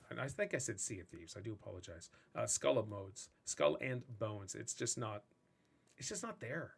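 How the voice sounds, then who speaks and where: A man hosting a casual gaming podcast, ranting in a rambling, animated way. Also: on the low side, normal speed, gravelly, breathy edge. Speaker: podcast host and streamer.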